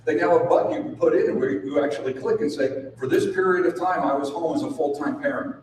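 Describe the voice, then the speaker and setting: A man's voice: a little high, quick pace. A man giving a live sales training seminar to an audience, punchy and full of rhetorical questions. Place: large room with audience. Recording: very echoey room, distant mic, background noise.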